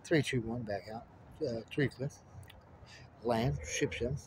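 A man's voice: mid-range voice, a little slow, a little hiss or hum. A man in a rambling monologue, muttering strings of numbers and codes to himself. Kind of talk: stream-of-consciousness monologue.

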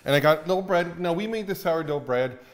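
A man's voice: fairly high pitch, brisk. A man hosting a casual cooking show, chatting upbeat while he cooks in a kitchen.

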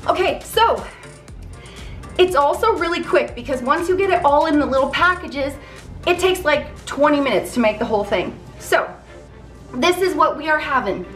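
A bubbly, excited woman hosts a casual cooking vlog, her voice bright and high. She talks in quick eager bursts. The room around her is echoey, with faint music behind her. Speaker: vlog host.

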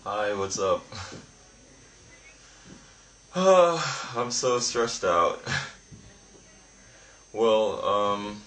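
A man's voice: fairly low pitch, very animated, extremely slow, a bit bright, roomy sound, full character voice. A young man playing a stressed son calling his mother, hesitant and sighing.

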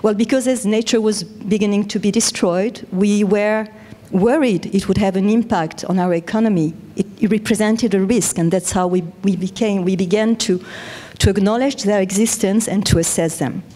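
A woman with a French accent giving a measured, explanatory conference talk. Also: medium pitch, warm tone. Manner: measured, explanatory, with self-corrections. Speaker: conference speaker.

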